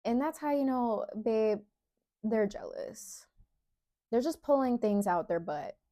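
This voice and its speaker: A young woman vlogging candid advice, talking straight to the viewer with slow, emphatic phrasing. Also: on the high side, expressive, dark tone. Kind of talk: casual advice monologue to camera.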